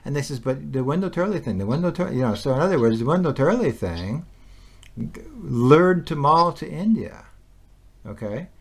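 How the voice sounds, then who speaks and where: A man in a heated conversation, agitated and repetitive. His voice sits fairly high and swings widely in pitch. He keeps circling back to rhetorical questions and laughs between points. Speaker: conversation partner.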